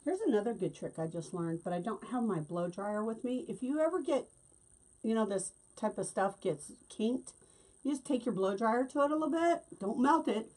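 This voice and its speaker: A woman's voice: medium pitch, a little mellow. A middle-aged woman hosting a casual craft tutorial, chatting and laughing as she works. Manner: chatty, laughs often, talks while working. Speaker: wreath-making host.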